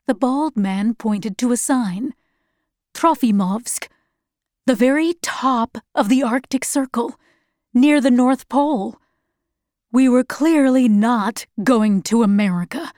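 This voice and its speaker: A woman narrating a story in a measured, even way. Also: on the high side, dry recording, studio quality.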